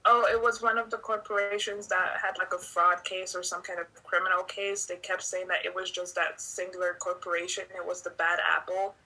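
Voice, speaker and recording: Female student answering in class, flat and plain delivery, bright, lowish voice. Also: a little fast, few pauses, breathy edge, poor audio.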